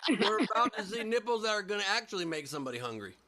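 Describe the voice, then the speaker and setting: A man's voice: high-pitched, big pitch swings, rapid-fire, very noisy. A man co-hosting a casual comedy chat over a video call, cracking playful gags. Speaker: co-host.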